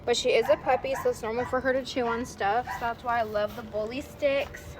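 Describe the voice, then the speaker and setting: A woman's voice: steady tone, brisk, rough recording. A woman dog trainer giving friendly, explanatory tips to a puppy's new owners, with fillers and easy restarts. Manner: switches to a high, sing-song praise voice with the puppy. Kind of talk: instructional video for a puppy's owners.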